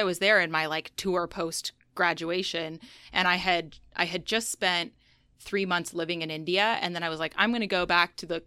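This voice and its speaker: Young woman gushing thru a story, lots of "like"s, bright tense voice, dry close sound. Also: on the low side, no echo. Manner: enthusiastic, detail-loving storyteller with many "like" fillers. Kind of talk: casual chat.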